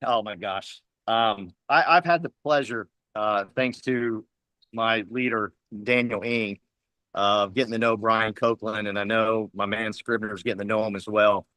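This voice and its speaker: A man's voice: on the low side, steady tone, a little slow, sharp tone, no room sound. Fiery motivational man, dry close sound. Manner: fiery, preachy, emphatic repetition. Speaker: team leader speaking at a company huddle. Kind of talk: motivational pep talk.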